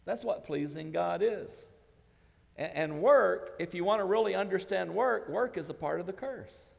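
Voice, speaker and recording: A male pastor, possibly, preaching a sermon that builds to shouted emphasis. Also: high voice, lively intonation, normal speed, creaky. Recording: church hall with long reverb.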